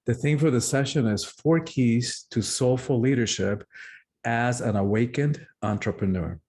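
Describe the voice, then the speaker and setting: A man's voice: medium pitch, a little slow, a little mellow. A man hosting an online interview show, reading a polished, formal opening and then asking his guest questions. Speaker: host.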